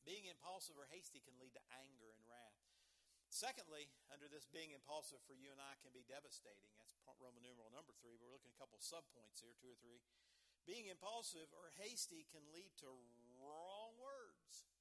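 A man preaching a folksy sermon, chuckling between verses and talking in animated asides. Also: mid-range voice, fairly quick, poor audio.

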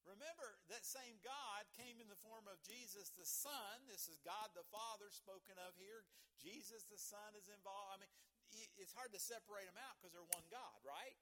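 Bright high-voiced preacher man. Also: normal speed. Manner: conversational preaching with frequent "right?" asides and chuckles. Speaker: pastor. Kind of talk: sermon.

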